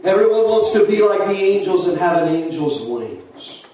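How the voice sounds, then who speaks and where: Fiery preacher, echoey hall. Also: male voice, high voice, sing-song, moderate pace, recorded from a distance. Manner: fiery preaching, rising to shouts, Southern-style folksy asides. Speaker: pastor. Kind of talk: sermon. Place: church sanctuary.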